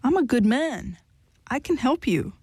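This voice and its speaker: A woman's voice: high voice, very animated, unhurried, a little mellow, husky, no echo, clean studio sound, voice pushed up, exaggerated voice. A woman voicing a jealous, pleading man who turns tearful, in an audiobook reading. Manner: pleading, wounded delivery. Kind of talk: audiobook character voice.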